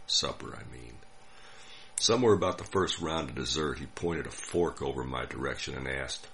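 An older man from the United States telling a personal story in a dry, wry, unhurried way. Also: a bass voice, vocal fry, fairly bright tone, a little hiss or hum. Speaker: narrator. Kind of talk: scripted storytelling.

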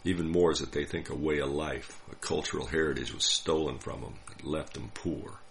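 An older man from the United States telling a personal story in a dry, wry, unhurried way. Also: rumbling low, fairly even intonation, creaky, a bit bright. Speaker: narrator. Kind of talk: scripted storytelling.

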